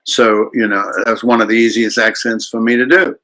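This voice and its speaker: An older man from Australia, a guest actor telling anecdotes in an animated way and acting out the voices in his stories. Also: medium pitch, fairly quick, low-quality recording. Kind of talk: anecdotal storytelling in a chat.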